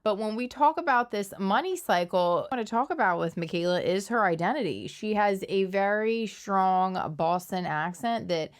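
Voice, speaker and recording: A woman's voice: medium pitch, expressive, normal speed, few pauses. A woman from Philadelphia with a Philadelphia accent, hosting a casual, opinionated commentary video. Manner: conversational, opinionated, analytical. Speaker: commentary channel host.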